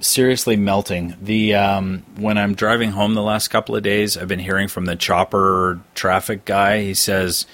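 A man's voice: lowish voice, level tone, moderate pace, hardly any pauses, fairly bright tone, no room sound. A man co-hosting a casual podcast, talking in a playful, jokey, rambling way. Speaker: podcast co-host. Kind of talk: casual chat.

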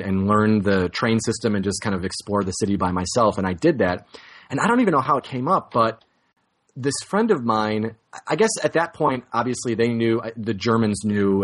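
A man telling a long, rambling story on a podcast, casual and self-mocking, laughing at himself often. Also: on the low side. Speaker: podcast co-host.

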